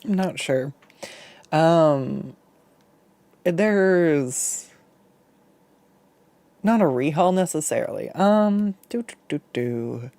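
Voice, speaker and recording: Vtuber artist just chatting on stream while drawing, rambly, cusses a lot, mid pitch, super dry close mic. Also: lively intonation, very slow, long pauses, a little mellow, no room sound. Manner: rambling, loose, swears freely when annoyed; self-deprecating, laughs often.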